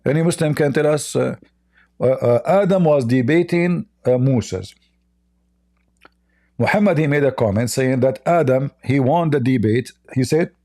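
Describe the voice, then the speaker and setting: Sarcastic guy hosting a live stream, dark mellow voice, lots of uhs, mid pitch. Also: lively intonation, unhurried. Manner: sarcastic, taunting, hesitant with many fillers. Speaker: host of a live debate stream. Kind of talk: casual live-stream talk.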